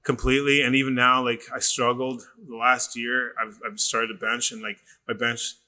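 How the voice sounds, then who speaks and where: A man's voice: medium pitch, moderate pace. A middle-aged man, a personal trainer, telling stories in casual podcast chat, acting out quoted voices and swearing freely. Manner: animated storyteller who acts out quoted voices and swears freely.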